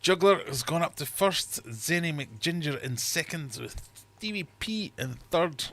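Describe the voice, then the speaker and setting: A man's voice: a little high, lively intonation, a little slow, a bit bright. A middle-aged man hosting a casual livestream quiz from his fish room, chatty and jokey as he reads out questions and scores. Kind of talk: casual live quiz chat.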